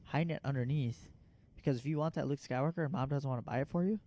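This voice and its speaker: A man's voice: medium pitch, fast talker, warm tone, no echo. A man in his twenties co-hosting a podcast, chatting in a laid-back way. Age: 20s. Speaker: podcast co-host. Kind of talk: casual chat.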